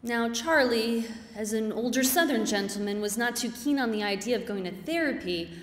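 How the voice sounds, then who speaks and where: A woman's voice: on the high side, normal speed, slight background noise. A woman giving an earnest, reflective personal story on stage before a live audience. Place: stage in a hall. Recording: reverberant hall.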